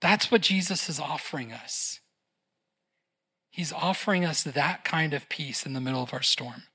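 A preacher giving a sermon in a conversational way, often checking in with a quick "right?" and adding gentle humorous asides. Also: medium pitch, husky. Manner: conversational, keeps asking "right?".

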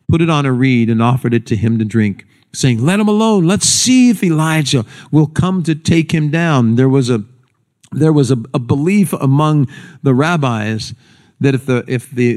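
Animated man preaching a sermon. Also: mid-range voice. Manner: animated, acts out quoted speakers in raised voice. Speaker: pastor.

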